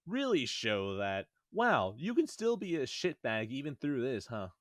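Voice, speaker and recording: A man's voice: mid-range voice, big pitch swings, unhurried, no room sound, clean studio sound. A man co-hosting a podcast in casual chat, speaking bluntly and emphatically, with casual swearing. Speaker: podcast co-host.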